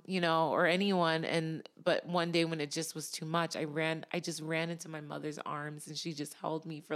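Tearful woman guest, low voice. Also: a bit bright. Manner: tearful, halting, often laughs through emotion. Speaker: podcast guest, actress. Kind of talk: emotional personal conversation.

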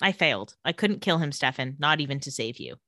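A woman's voice: deep voice, expressive, brisk, bright, forceful tone, no room sound, studio quality, pitched below the performer's own voice. A woman reading a peppy, dramatic young vampire woman.

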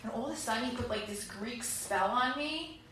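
A woman's voice: a little high, normal speed, fairly bright tone, a little hiss or hum. A woman performing a chatty, self-deprecating stand-up set on a club stage, acting out quotes with laughs. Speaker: stand-up comedian. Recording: echoey club room.

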